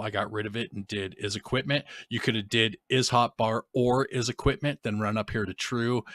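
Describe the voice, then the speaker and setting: A man walks viewers through his game project on a live stream, talking off the cuff with restarts and casual grammar. His voice sits low but has a bright, forceful edge. The sound is dry and close. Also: no echo. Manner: rambling, restarts and fillers, informal grammar. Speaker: game development tutorial streamer. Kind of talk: live-stream coding tutorial.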